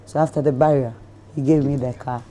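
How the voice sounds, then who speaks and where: A Ghanaian woman, an interview guest, telling a story in a lively way and acting out the lines of the people in it. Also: rumbling low, brisk, slight background noise. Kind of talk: animated storytelling in conversation.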